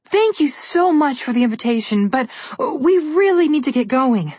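A woman voicing an impulsive, excited young girl in a storybook reading, with high, eager, drawn-out exclamations. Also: husky, dry recording, heavily acted. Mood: nervous.

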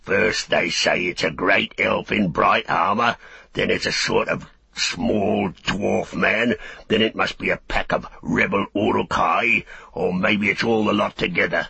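Man doing a gruff hulking orc soldier. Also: on the low side, steady tone, a little slow, pushed and bright, dry recording, full character voice. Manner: gruff, threatening. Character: big brutish male fighting orc soldier, bullying.

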